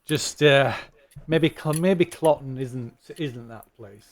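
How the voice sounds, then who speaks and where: A man's voice: medium pitch, slow, natural voice. Guy doing a shifty bus driver, all deferential, lots of sirs and ums. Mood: evasive. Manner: deferential, hesitant, calls everyone sir. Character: polite, evasive male rural bus driver.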